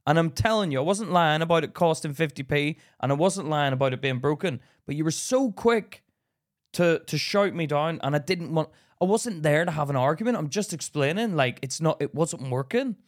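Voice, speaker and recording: A man tells stories on a casual podcast, his pitch leaping about as he acts out every voice. His voice sits a little high for a man. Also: moderate pace. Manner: animated, acts out voices in anecdotes. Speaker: podcast co-host. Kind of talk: casual storytelling chat.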